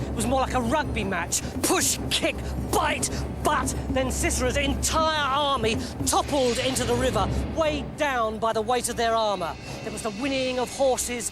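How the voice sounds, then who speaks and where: An English man telling a comic story in a lively, mock-dramatic narrating voice. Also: very high voice.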